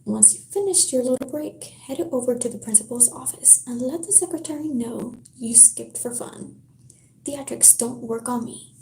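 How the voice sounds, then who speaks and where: A woman's voice: sits high, moderate pace, mellow, echoey room, slight background noise. A woman whispering a book aloud and voicing a cruel, mocking male math teacher who taunts in a sing-song way.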